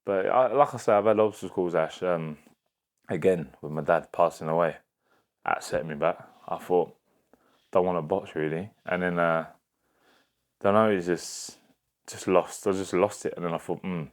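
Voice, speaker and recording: A young man with a very deep, low-pitched voice talks casually about his boxing life. He rambles in slang, swears freely and trails off mid-thought. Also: normal speed. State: emotional, near tears. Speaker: professional boxer, podcast guest. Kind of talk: casual chat.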